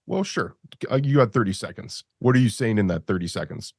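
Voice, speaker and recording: A man's voice: fairly low pitch, expressive, brisk, a little mellow, slightly rough, dry recording, studio quality. A man interviewing a guest, asking questions in a hesitant way as he searches for words.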